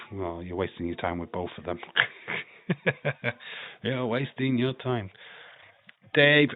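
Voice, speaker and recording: A man hosts a casual live watch-along, chatting bluntly and swearing freely. His voice sits a little low. The audio comes through narrow and tinny, like a phone call. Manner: blunt, swearing, rambling opinions. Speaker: livestream watch-along host. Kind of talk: casual live-stream chat and match commentary.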